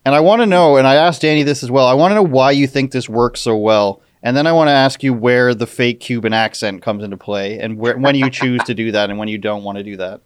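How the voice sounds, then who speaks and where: Smooth-voiced, laughing interviewer man. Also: mid-range voice, brisk, hardly any pauses, no echo, studio quality. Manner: chuckling, curious questions. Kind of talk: casual interview.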